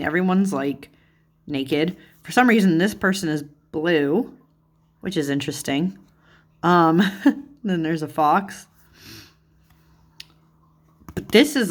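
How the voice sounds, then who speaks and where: A woman hosting a chatty flip-through of a card deck, gushing and easily delighted, with lots of "like" and "oh my goodness". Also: low-pitched. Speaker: tarot channel host.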